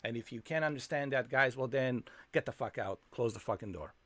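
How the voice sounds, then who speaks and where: A man's voice: mid-range voice, fairly quick, a bit bright. A man live-streaming a flight game, fuming and ranting with constant swearing at the game.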